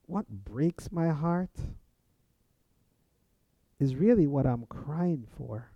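A man's voice: fairly high pitch, lively intonation, drawn-out words, dry recording. A man teaching a sermon-style lesson on prayer, earnest, acting out sample prayers as he goes. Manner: earnest, speaks example prayers aloud. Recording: dull, lo-fi sound.

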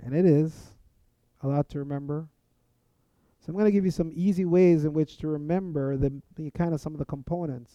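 A man preaching about how to pray, earnest and measured, his voice very warm and mellow yet set a little high. The sound is dry and dull, with a muffled lo-fi quality. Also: steady tone, no room sound. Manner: earnest, speaks example prayers aloud. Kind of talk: teaching sermon on prayer.

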